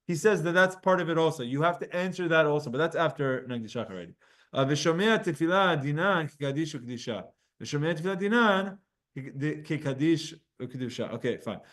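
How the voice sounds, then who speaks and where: A man with a fairly high voice teaches a religious text class. He reads passages aloud in Hebrew and Aramaic and then explains them in plain, casual English. He often turns to speak straight to his students. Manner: explains texts, reading Hebrew and Aramaic aloud and translating with quick asides; speaks directly to students by name. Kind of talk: Talmud class lesson.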